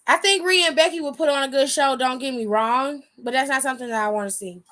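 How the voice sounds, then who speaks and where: A woman co-hosting a show aftershow in casual chat, animated and profane, often laughing as she talks. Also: high voice, fast talker. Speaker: aftershow co-host.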